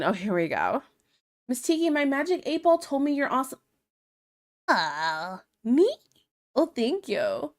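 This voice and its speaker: A young woman chats casually with her stream audience, her voice at an ordinary middle pitch. She talks in a loose, chatty way, reading chat messages aloud and laughing often.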